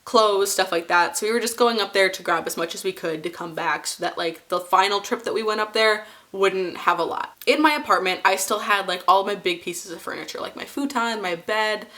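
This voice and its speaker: A woman's voice: mid-range voice, a little fast, hardly any pauses, fairly bright tone. A young woman in her twenties, casually telling a personal story to camera, rambling with many fillers and restarts.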